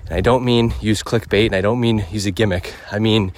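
A man's voice: fairly low pitch, fairly even intonation, brisk, a little hiss or hum. A man hosting a podcast, giving an emphatic casual rant while out on a walk, a little out of breath. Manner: emphatic, punchy checklist delivery. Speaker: podcast host. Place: outdoors on a walk.

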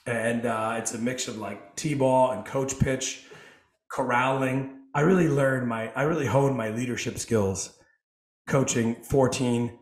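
A man hosting a podcast in casual chat, his voice a bit hoarse, talking in an energetic, joking way. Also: mid-range voice, echoey room. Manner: energetic, joking, quick asides. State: hoarse from coaching. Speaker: podcast host.

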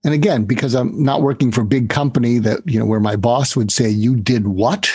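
A man's voice: mid-range voice, fast, husky, dry recording. A man in an interview, an author and negotiation trainer, telling stories and acting out the dialogue in them. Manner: animated storyteller who acts out quoted dialogue. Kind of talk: storytelling in a podcast interview.

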